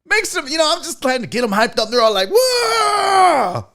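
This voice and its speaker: A man hosting a sports talk show, telling a story in a casual, profane, animated way and acting out what others said. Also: very high-pitched, racing. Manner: animated, profane, acts out quotes. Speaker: podcast host.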